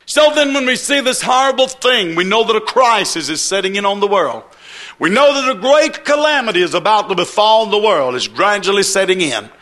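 A man's voice: high-pitched, sharp tone. A man preaching a sermon with an emphatic, repetitive cadence.

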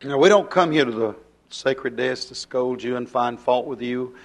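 A man preaching a fiery revival sermon. He acts out dialogue in his sermon and drops to a hush at times. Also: mid-range voice, moderate pace.

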